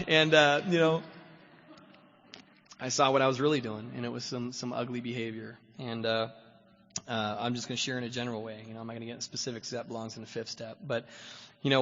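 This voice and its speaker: Animated man telling his story. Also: mid-range voice. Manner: animated, acts out voices of others, grows loud when excited. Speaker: guest speaker at a recovery meeting. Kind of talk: storytelling recovery talk. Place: meeting hall. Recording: echoey hall, dull lo-fi recording.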